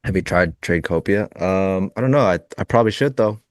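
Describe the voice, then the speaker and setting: A low-voiced man trades futures on a live stream, talking briskly in clean, echo-free studio audio. He chats casually, relaxed and rambling, laughing often.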